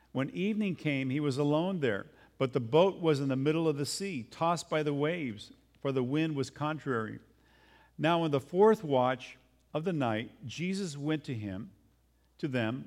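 A male pastor preaching a sermon, reading scripture and acting out the scenes with a rising voice. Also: on the high side.

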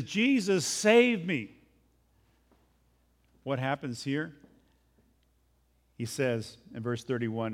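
A man's voice: mid-range voice, darkish tone. A male pastor preaching a sermon, reading scripture and acting out the scenes with a rising voice.

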